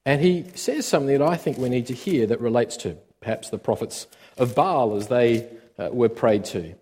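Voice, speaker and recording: Male pastor, sermon, expressive, stop-start phrasing, big reverberant hall. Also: mid-range voice, moderate pace, slightly rough. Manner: expressive, with sudden swings between loud and quiet; often hesitates with "uh" and restarts.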